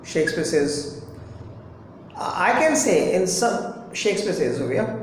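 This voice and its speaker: A high-pitched man, teaching a poem slowly and deliberately. He repeats phrases and spells words out letter by letter. The recording is very echoey, with a faint hum behind him. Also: big pitch swings. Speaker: English teacher. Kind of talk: explaining a poem line by line.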